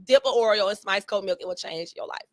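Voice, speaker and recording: A woman co-hosting a podcast, talking in a blunt, sarcastic, animated way. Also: medium pitch, fast talker, dry recording. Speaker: podcast co-host. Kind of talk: casual commentary chat.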